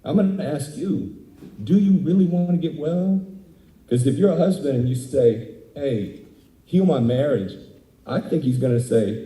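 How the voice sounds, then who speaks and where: A man giving an interactive sermon as a guest speaker, acting out dialogue in animated character voices. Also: fairly high pitch, unhurried, echoey room, recorded from a distance, rough recording. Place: indoors, speaking remotely at a screen.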